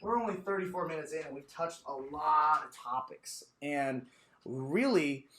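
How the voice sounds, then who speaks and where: A man's voice: fairly high pitch, measured pace, background noise. A young man co-hosting a casual podcast chat, telling stories and acting out quotes with lots of energy. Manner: animated storyteller, acts out quotes. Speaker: podcast co-host.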